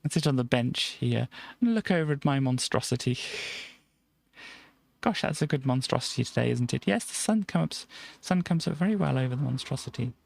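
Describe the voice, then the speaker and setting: A man's voice: mid-range voice, animated, fairly quick, gravelly, a little mellow, no echo. A man streaming a game, giving a playful, chatty tour of a build and tossing in silly sound effects. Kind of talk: casual gameplay commentary.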